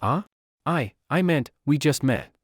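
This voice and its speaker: A man's voice: a little high, animated, measured pace, husky, dry recording, clean studio sound, pitched above the performer's own voice. A man voicing a panicked young man who pleads and backs away in flustered bursts in a storybook recap. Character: panicked young man fleeing an unwanted suitor.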